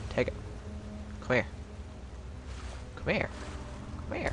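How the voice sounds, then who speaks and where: A man giving casual gameplay commentary, excitable and profane, breaking into shouted outbursts and goofy sing-song. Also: mid-range voice, a little slow, pauses often, slight background noise.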